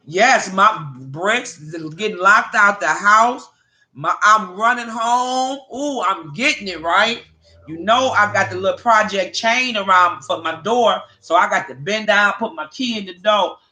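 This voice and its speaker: Bright-voiced woman telling profane stories. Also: medium pitch, unhurried. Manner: profane, animated storytelling; addresses viewers by name. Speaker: livestream host. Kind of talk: casual chat to viewers.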